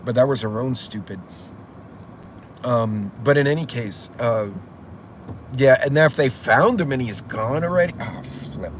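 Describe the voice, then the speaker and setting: A man's voice: mid-range voice, moderate pace, long pauses, slight background noise. A middle-aged man hosting a casual livestream, telling stories in a rambling, profane way. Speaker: channel host.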